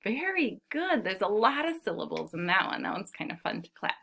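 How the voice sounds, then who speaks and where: A woman's voice: mid-range voice, sing-song, fairly quick, vocal fry, heavy background noise. A woman teaching preschool children, reading a picture book aloud and counting syllables with them in a patient, encouraging manner.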